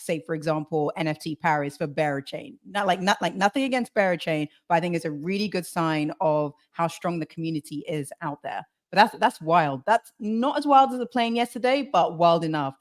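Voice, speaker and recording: A woman co-hosting a podcast, talking in an energetic, chatty way with restarts and easy laughs. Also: on the low side. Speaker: podcast co-host. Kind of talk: casual crypto podcast chat.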